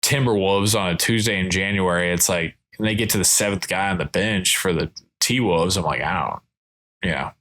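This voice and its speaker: Bright-voiced man chatting casually. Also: low voice, brisk, few pauses. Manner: relaxed, rambling with self-conscious laughs. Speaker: podcast co-host. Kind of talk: casual chat.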